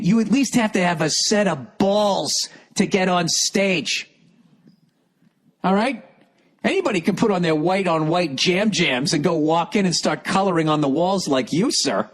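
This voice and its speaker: A middle-aged male comedian delivering an angry, profane ranting monologue with sudden shouted outbursts. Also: sits high.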